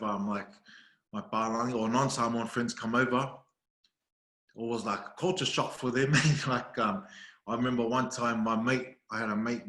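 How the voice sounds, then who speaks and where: Australian man telling stories, echoey room. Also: on the low side. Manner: laughing, storytelling, quotes others in animated voices. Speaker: podcast guest, video creator. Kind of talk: casual chat.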